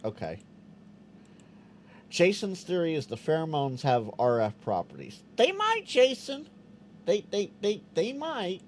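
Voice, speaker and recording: A man hosting a casual live Q&A stream, reading out chat questions and answering them with quick restarts. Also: high-pitched, slight background noise. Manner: animated, stammering restarts, acts out quoted voices.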